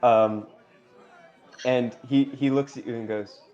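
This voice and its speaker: A man's voice: medium pitch, fairly even intonation, slow, a little mellow. A man narrating a tabletop game as game master, hesitant and full of fillers. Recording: dull lo-fi stream audio with faint music.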